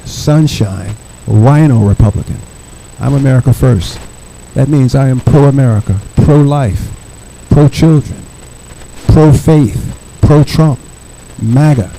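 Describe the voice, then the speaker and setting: Older guy running for office, gravelly and dark-toned, pounding out his lines, faint crickets behind. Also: medium pitch, slight background noise, low-quality recording. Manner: emphatic, repetitive rallying cadence. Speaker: political candidate. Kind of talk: campaign stump speech.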